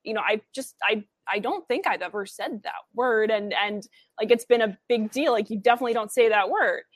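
A woman with a Midwestern American accent and a slightly higher voice, talking in a measured, explaining way in casual chat. The sound is dry and close. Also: dry recording. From US, grew up in DC, LA, Chicago.

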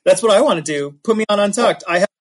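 A man hosting a casual chat, animated and sarcastic, with quick asides. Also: high voice. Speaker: podcast host.

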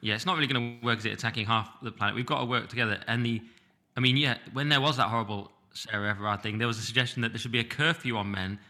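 A man guest on a comedy podcast, arguing his views in quick, opinionated talk. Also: mid-range voice, bright, forceful tone. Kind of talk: casual podcast chat.

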